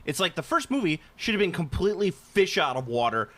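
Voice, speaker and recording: A man's voice: high-pitched, sing-song, fairly quick, a bit bright. A man co-hosting a podcast in casual chat, rambling with many "like"s and "you know"s. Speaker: podcast co-host.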